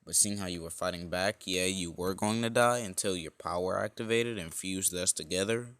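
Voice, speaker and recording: A man's voice: sits low, normal speed, fairly bright tone, clear, resonant tone, dry recording. A man voicing a male alien symbiote creature who mentors a boy, in a casual, offhand fan-story voice. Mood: calm, explaining.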